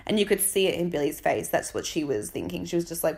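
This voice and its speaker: A woman's voice: lowish voice, animated, fast talker, gravelly, a little mellow. Blunt, chatty woman. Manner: chatty, blunt and indignant, with fillers and mocking quoted voices. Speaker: reality TV recap commentator. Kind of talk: casual opinionated recap.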